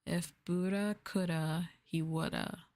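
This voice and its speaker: A young woman streamer in a soft-spoken ASMR chat, rambling casually with lots of fillers. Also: lowish voice, steady tone, takes it slowly.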